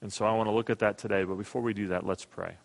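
A middle-aged man preaching a sermon as pastor, earnest and emphatic, dropping soft and quiet in prayer. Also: fairly low pitch, steady tone, racing, in a large hall.

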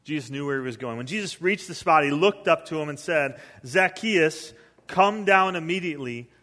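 A middle-aged pastor, preaching a sermon with lively storytelling and sudden swings between loud and soft. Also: male voice, a little high, quick pace. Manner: storytelling with acted quotes, animated swings in volume. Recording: long reverb of a hall.

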